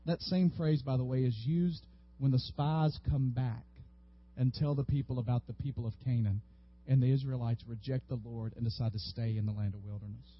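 A man preaching a sermon as a pastor, lively and animated, sometimes acting out the people in the story. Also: mid-range voice, moderate pace. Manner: animated, acts out biblical figures with rising voice. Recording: dull, slightly lo-fi audio.

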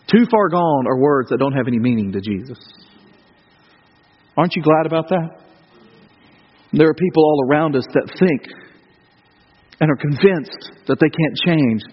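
An American man preaching a sermon as pastor, conversational, with rhetorical questions and swings between loud and hushed delivery. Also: mid-range voice, slightly rough, big-room sound, dull audio. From United States.

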